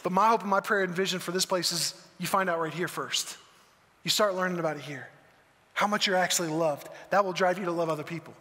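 A man's voice: high-pitched, fast talker, pushed and bright. A man preaching a sermon as pastor, earnest and conversational, often asking rhetorical questions. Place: church auditorium. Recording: long church hall reverb.

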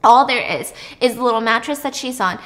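A woman's voice: on the high side, a little fast, fairly bright tone. A young woman podcast host telling a story in a casual, joking, slangy way while she bakes.

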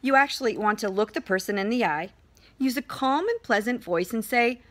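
A woman's voice: fairly high pitch, lively intonation, moderate pace. An older woman giving cheerful, teacherly morning announcements to a school from her home.

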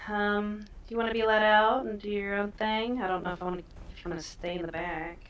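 A woman chatting casually in character during a roleplay game, giggly and quick to exclaim. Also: mid-range voice, steady tone, highs cut off, a little hiss or hum. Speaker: roleplay player. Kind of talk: casual in-character chat while driving.

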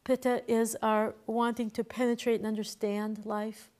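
Teacher, female, chatty and quick to laugh, fairly high voice, classroom feel. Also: little pitch movement, darkish tone. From Boston, USA. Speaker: herbalism teacher. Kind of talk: casual classroom lecture.

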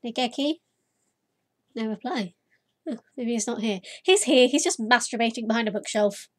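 Woman, let's play host; high voice, giddy, sarcastic, bursts of loud excitement. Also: brisk. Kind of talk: casual gameplay commentary. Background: faint game music.

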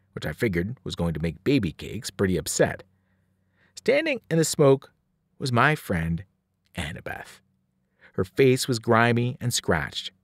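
A male teacher reads a novel aloud with dramatic flair, his pitch leaping and falling across every sentence. The recording is close and dry, with no room sound. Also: no echo. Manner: animated, dramatic storytelling. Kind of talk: novel read-aloud narration.

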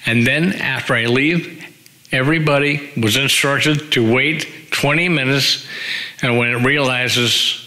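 A man's voice: mid-range voice, a little slow, pushed and bright, poor audio. A man in his sixties, a former rock band singer, tells a rambling anecdote with wry humor and acts out other people's lines in raised voices. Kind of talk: casual anecdotal storytelling.

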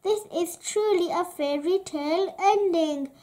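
A woman's voice: extremely high pitch, unhurried, warm tone, voice pushed up. A woman reading a loving old grandmother. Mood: amazed.

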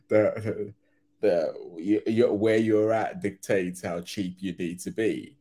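A man's voice: fairly low pitch, steady tone, slow pace, dark tone. A man hosting a reaction video, commenting casually on a comedy clip, often laughing and rambling through restarts.

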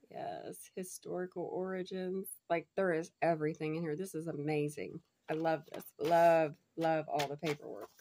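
Bubbly woman gushing over a gift box, gravelly. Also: fairly low pitch, darkish tone. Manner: bubbly and gushing, laughs often. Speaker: unboxing vlogger. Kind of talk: casual unboxing chat.

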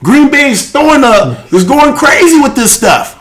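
A man hosting a live show, preaching and reading scripture with fervor, often breaking into shouts. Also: extremely high pitch, big pitch swings. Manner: fervent, often shouting, rapid swings into loud exclamations. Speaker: host and preacher.

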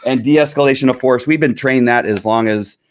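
A man's voice: mid-range voice, fairly quick. A middle-aged man, a former police officer, telling stories in a casual monologue, rambling with many fillers and frequent chuckles.

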